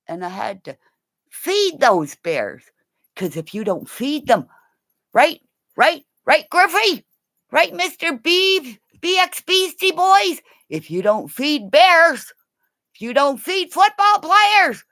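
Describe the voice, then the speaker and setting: A woman from Canada rambling through a livestream monologue, jumping between topics and bursting into shouts and silly rhymes. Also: high voice, sing-song, slow, gravelly, dry recording. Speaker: vlogger.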